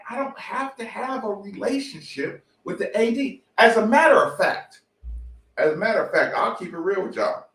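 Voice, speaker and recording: A high-pitched man with a drawl rants on a sports talk show, swearing and circling back over his points. His voice rings around an echoey room. He sits a little back from the mic. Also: animated, moderate pace, fairly bright tone, distant mic. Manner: fired-up, profane, repetitive. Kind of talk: heated sports talk rant.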